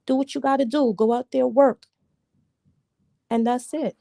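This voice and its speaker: Emphatic woman from Jamaica, mellow and dry. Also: sits high, fairly even intonation, normal speed, gravelly, dry recording. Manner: emphatic, argumentative, repeats points for stress. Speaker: livestream panelist. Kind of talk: livestream discussion.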